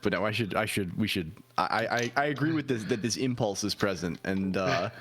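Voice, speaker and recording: A man in his twenties, a guest on a casual stream, with a somewhat low voice. He rambles and trips over the starts of his sentences, repeating words before he gets going. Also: a little fast, a bit bright, slight background noise. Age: 20s.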